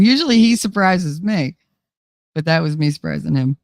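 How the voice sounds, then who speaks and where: A woman's voice: on the low side, big pitch swings, normal speed, creaky, no echo, clean studio sound. A woman hosting a livestream, chatting casually with her viewers in a blunt, outspoken way and swearing freely. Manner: blunt, swears freely, talks straight to chat. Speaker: livestream host reading chat. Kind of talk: casual chat.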